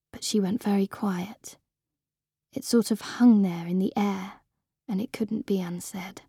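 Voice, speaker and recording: Lady reading a kids story out loud, expressive first person, warm mellow voice. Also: medium pitch, breathy edge, no echo, studio quality. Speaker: audiobook reader. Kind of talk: storybook narration.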